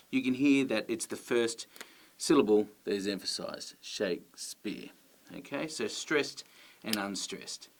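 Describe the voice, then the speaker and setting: A man with an Australian accent explaining to camera as a teacher, stressing words clearly. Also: lowish voice.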